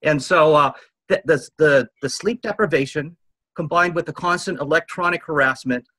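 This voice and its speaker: A man's voice: fairly high pitch, moderate pace, a bit bright, no room sound, low-quality recording. A man in his fifties, a guest telling his story in an interview, earnest and rambling, often quoting what others said. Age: 50s.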